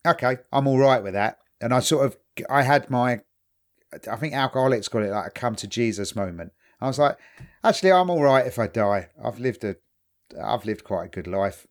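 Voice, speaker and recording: A man's voice: medium pitch, lively intonation, normal speed. A man co-hosting a podcast, chatting casually and retelling what he watched, with plenty of swearing. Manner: sweary, conversational, retells scenes. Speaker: podcast co-host. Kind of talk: casual chat.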